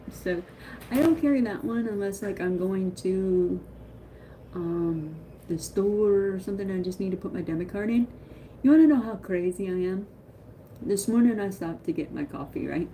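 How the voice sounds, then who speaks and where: A woman chatting on a live stream in a rambling, excitable way, greeting viewers as she talks. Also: medium pitch, moderate pace, slight background noise. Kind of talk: casual live-stream chat.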